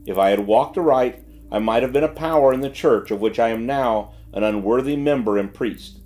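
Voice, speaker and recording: A man's voice: medium pitch, a little fast, darkish tone, natural voice. A man voicing a disgraced clergyman's farewell letter in a solemn, declaiming way. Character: ruined gambling clergyman writing farewell.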